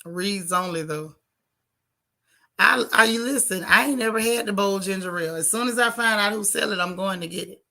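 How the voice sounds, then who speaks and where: A woman hosts a casual livestream vlog, reading chat comments aloud and teasing her viewers with chatty banter and dramatic exclamations. Her medium-pitched voice is creaky, pushed and bright, at a normal speed.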